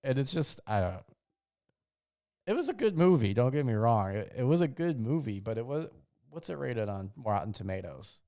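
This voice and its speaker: Young man ranting casually, smooth voice. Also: medium pitch, sing-song, moderate pace, mellow. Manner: rambling, slangy, trails off and restarts. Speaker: podcast host. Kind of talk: casual comedic rant.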